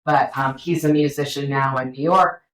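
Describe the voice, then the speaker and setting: Middle-aged woman guest, deep-toned, chatty and rambling; dry, close recording. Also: normal speed, no room sound, poor audio. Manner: rambling, animated storytelling with fillers. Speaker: filmmaker guest. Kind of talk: casual interview chat.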